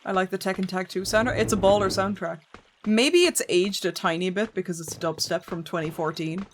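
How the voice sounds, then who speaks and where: American lady streamer chatting w her viewers, answers chat comments, normal pitch. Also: fairly even intonation, a little fast, slight background noise. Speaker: game streamer. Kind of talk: casual chat with viewers while playing.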